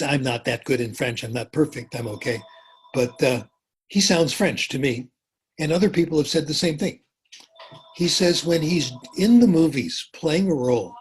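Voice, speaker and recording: An older man giving an informal lecture, deliberate, repeating phrases for emphasis with dry humor. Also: medium pitch, slightly rough, poor audio. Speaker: language education lecturer.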